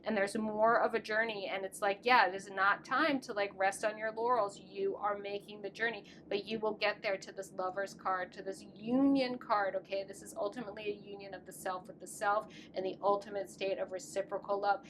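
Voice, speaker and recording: A woman's voice: medium pitch, steady tone, fairly quick, hardly any pauses, noisy background. A woman in her thirties giving a casual tarot reading to camera, talking in an affectionate, gushing way. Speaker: tarot reader.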